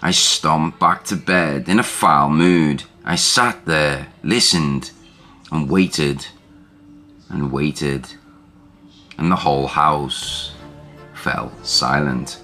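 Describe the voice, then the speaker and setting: Deep, slow male storyteller. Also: bright, forceful tone, soft background music. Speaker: narrator. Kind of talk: scripted narration of a first-person ghost story.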